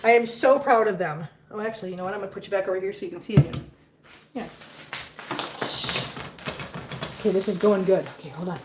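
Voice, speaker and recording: A cat vlogger chats casually on a livestream while cooking in her home kitchen, teasing viewers and cooing at her cats. Her mid-range voice is fairly quick with long pauses, in a reverberant space with a noisy background.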